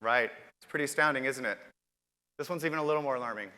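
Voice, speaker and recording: A man's voice: mid-range voice, fast, bright, forceful tone, smooth. A man hosting a conference keynote, talking straight to the audience and tossing them questions. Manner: upbeat, addresses the audience directly with questions. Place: large conference hall. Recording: reverberant hall with long echo.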